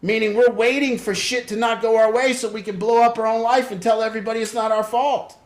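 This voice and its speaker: A man's voice: very high voice, flat delivery, fast talker, reverberant. A man leading a family group for an addiction program, telling blunt, profane stories and acting out the people in them. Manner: blunt, profane storytelling with voiced impressions.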